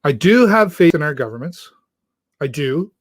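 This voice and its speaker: Earnest man hosting, halting monologue. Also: on the high side, very animated, no room sound, clean studio sound. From Canada. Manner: earnest, halting, with frequent restarts. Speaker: talk show host. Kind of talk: heartfelt monologue to viewers. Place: church.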